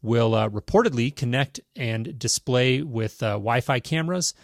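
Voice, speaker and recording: A man hosting a tech podcast, reading a news item and then chatting about it in a measured, casual way. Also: mid-range voice, expressive, vocal fry, no echo, studio quality. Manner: measured, reads news items then riffs. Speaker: podcast host.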